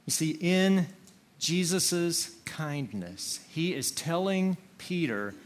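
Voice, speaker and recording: Guy preaching slow and earnest, kinda higher voice, leans hard on words. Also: very animated. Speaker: pastor. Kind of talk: sermon.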